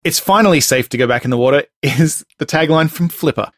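A man's voice: fairly high pitch, no echo, clean studio sound. A man hosting a casual podcast movie quiz, joking and laughing often. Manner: joking, laughs often, reads taglines in a slow dramatic voice. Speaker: podcast host running a movie tagline quiz.

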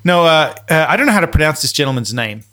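A man's voice: fairly high pitch, very animated, fast, fairly bright tone. A man co-hosting a podcast in casual, joking chat, hesitating often with fillers. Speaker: podcast co-host.

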